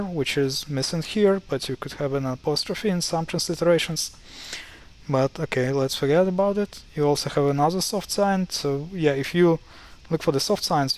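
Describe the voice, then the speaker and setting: Wry man explaining pronunciation, slightly high voice. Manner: wry, mildly exasperated, many fillers and restarts. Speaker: language explainer. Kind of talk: casual screen-share tutorial.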